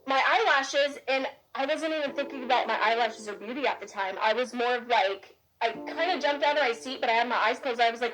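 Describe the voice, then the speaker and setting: Young woman, fairly high voice, earnest casual storyteller, heavy "like" habit, music behind. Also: normal speed, a bit bright, low-quality recording. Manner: earnest, fills speech with "like".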